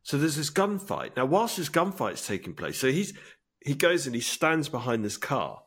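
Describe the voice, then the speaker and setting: A man's voice: mid-range voice, sing-song, moderate pace, a bit bright, husky. A man chatting casually as a podcast co-host, eagerly retelling a movie scene in detail. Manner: enthusiastic storytelling, acts out film lines. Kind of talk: casual chat.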